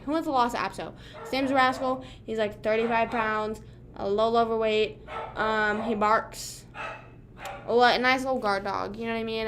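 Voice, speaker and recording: A woman's voice: a little high, a bit bright, a little hiss or hum. A young woman in her twenties chatting casually with viewers on a livestream from home, slangy and rambling with lots of "like" and "bruh". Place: home room.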